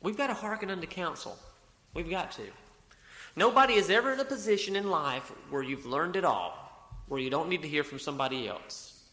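A man's voice: high-pitched, expressive, fairly quick, bright, forceful tone. Man, pastor, sermon, repeats himself, echoey church hall. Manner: repeats phrases, reads scripture aloud, corrects himself mid-sentence. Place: church sanctuary.

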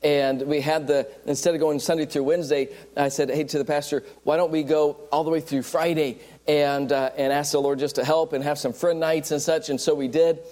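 A man's voice: on the high side, flat delivery, fairly quick, hardly any pauses, warm tone. A man preaching a sermon, telling stories and acting out the people in them. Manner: storytelling, acts out quoted people. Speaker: traveling evangelist preacher.

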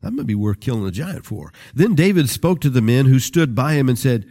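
Animated male preacher telling a story. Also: medium pitch, fairly quick, few pauses. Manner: animated, conversational, addresses listeners directly. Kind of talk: storytelling sermon.

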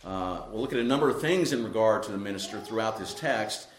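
A man's voice: on the low side, expressive, fast talker. A man preaching an expository sermon as pastor. He talks emphatically, repeats key words and keeps asking "right?" as he explains a passage. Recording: echoey room.

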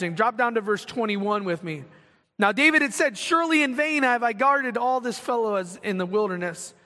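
A male pastor delivers a sermon in a high, bright voice. He reads scripture aloud and acts out quotes with animated emphasis. His words carry a long reverb from a large hall.

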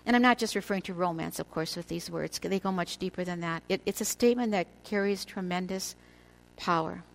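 A woman's voice: lowish voice, gravelly, rough recording. Earnest older woman teaching scripture. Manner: measured, earnest, slows for emphasis. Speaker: women's Bible teacher. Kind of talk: devotional teaching to women.

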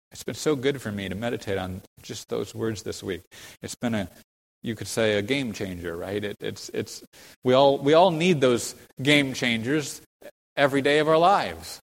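A male pastor delivers a sermon in an earnest, explanatory way, often asking his congregation questions. His voice sits at an ordinary middle pitch, and the long reverb of a church sanctuary trails after his words. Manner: builds to fervent, high-pitched emphasis when quoting scripture.

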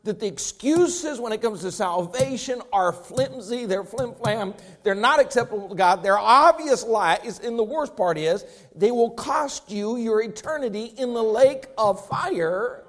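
A man's voice: high voice, lively intonation, a little slow, hardly any pauses, fairly bright tone. A man preaching a sermon to his congregation, with an emphatic, rising and falling preaching cadence. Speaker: pastor.

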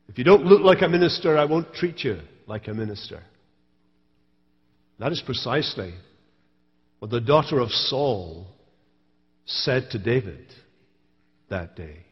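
A man's voice: mid-range voice, lively intonation, a little slow, pauses often, long reverb tail, muffled recording. A man preaching a sermon as pastor, telling stories with wry humor. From Scotland. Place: church sanctuary.

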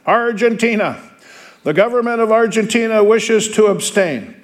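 A man reading aloud and voicing a formal male official who calls the roll of nations in a high, loud voice. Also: moderate pace, natural voice. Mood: formal announcing.

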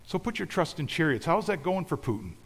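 Man, pastor, emphatic sermon, slightly high voice, long hall reverb. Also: big pitch swings, fairly quick, husky. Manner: emphatic preaching, swings between loud declarations and quiet asides.

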